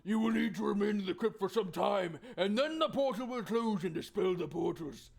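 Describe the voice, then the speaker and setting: A man voicing a woman temple keeper who gives brisk instructions from a board game. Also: sits high, gravelly, darkish tone. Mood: instructive.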